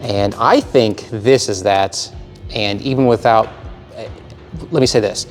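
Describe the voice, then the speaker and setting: Co-hosting a climbing channel video, a man chats casually and jokes playfully while breathing heavily. His voice is on the low side and slow-paced, with soft music in the background.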